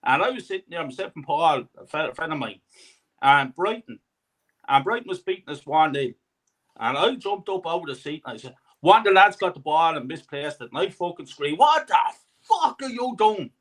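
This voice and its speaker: A man's voice: on the high side, lively intonation, a little fast, a bit bright. A man who has travelled from Ireland, calling in with an angry, sweary rant about a match. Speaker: caller. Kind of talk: ranting fan anecdote.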